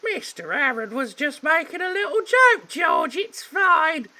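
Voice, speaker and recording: A man putting on a high falsetto to voice a young maid in a game. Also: big pitch swings, measured pace, bright, forceful tone, heavily acted. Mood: prim. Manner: shrill falsetto.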